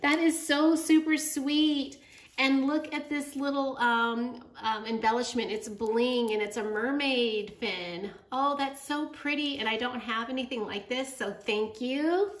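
A woman excitedly opening crafting gifts on camera in a casual, gushing vlog chat. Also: high-pitched, unhurried. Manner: gushing, effusive. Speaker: craft vlogger. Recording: echoey room, faint noise.

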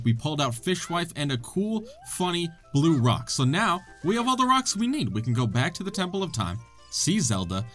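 A young man hosting a casual video game let's play, excitable and joking as he plays. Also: on the high side. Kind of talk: casual gameplay commentary.

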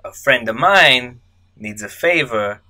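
A man's voice: mid-range voice, animated, takes it slowly, sharp tone, heavily acted. A man doing a drawling middle-aged tough guy. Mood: sly. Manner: folksy, drawling, slipping in and out. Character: gruff middle-aged male client in a suit.

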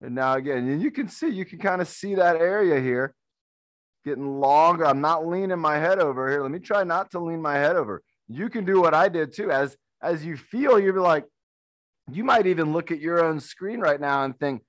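A man leads a workout on camera, talking viewers through each move with upbeat encouragement. His voice sits a little high for a man. The sound is close and dry, with almost no room echo. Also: a little fast. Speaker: fitness instructor. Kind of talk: guided workout instruction.

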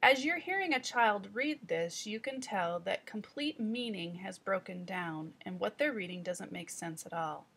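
A woman reading teacher giving calm, step-by-step instructional narration. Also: mid-range voice, a little slow, few pauses, slightly rough. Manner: calm, explanatory, guiding the listener step by step.

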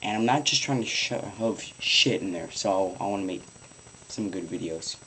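A teenage boy with a fairly low voice rambles through advice in a home vlog, swearing casually and peppering his talk with ums. A faint hiss of room noise sits under the built-in camera mic. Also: moderate pace, pushed and bright, poor audio. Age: teens. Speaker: vlogger.

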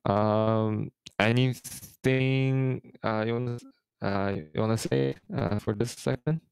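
Male host, casual stream commentary, low and smooth voice, dry close sound, hesitant. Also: fairly even intonation, slow, darkish tone, no echo, low-quality recording. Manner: hesitant, full of fillers and restarts.

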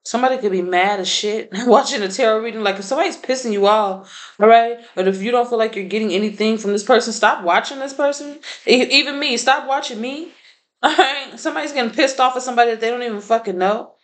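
A woman's voice: on the high side, quick pace, poor audio. A woman doing a casual tarot reading, blunt and profane, laughing often. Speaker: tarot reader.

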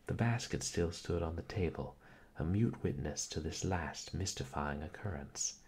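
A man reading a classic mystery novel aloud, narrating in a measured, even way. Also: low voice, breathy edge. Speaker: audiobook reader.

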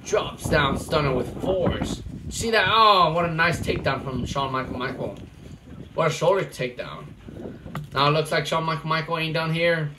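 A man giving excitable amateur wrestling play-by-play commentary, breaking into shouts at the big moves. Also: fairly high pitch, normal speed, noisy background. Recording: distant mic with loud music behind.

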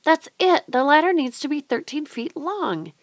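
A woman's voice: a little high, normal speed, dry recording, voice pushed up. A woman voicing a curious, eager young boy in a read-aloud storybook, raising her voice for him. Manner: excited, wondering.

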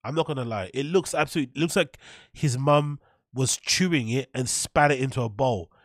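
A man's voice: mid-range voice, moderate pace, no echo, studio quality. A man reacting to a cooking video in casual, mocking commentary, sarcastic and profane and laughing at his own jokes.

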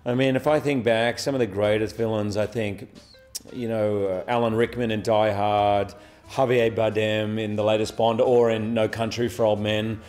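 A man in his forties with an Australian accent, a guest actor answering interview questions in a relaxed, good-humoured way, chuckling often. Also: fairly low pitch, normal speed, faint music behind. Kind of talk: press junket interview.

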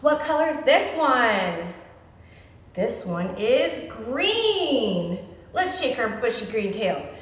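A young woman librarian with a high, lively voice leads a children's story time, playful and sing-song. She talks slowly and clearly for little ones. The sound comes through a very echoey room with a long reverb tail.

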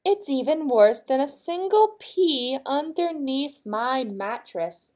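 A woman's voice: high-pitched, expressive, slow pace, a little mellow, voice pushed up. A woman voicing an old queen who snaps indignantly that she cannot sleep. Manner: snappish, indignant.

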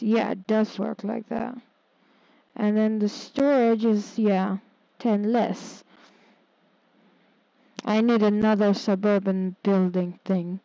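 This streamer's medium-pitched, dark voice is recorded dry and muffled. She chats to herself through a city-building game in a muttering, casual way, easily exasperated by setbacks.

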